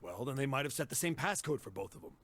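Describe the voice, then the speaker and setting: A man's voice: medium pitch, very animated, fast talker, fairly bright tone. An actor playing a practical, matter-of-fact man in a game who urges others on. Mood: urging. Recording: faint game music underneath.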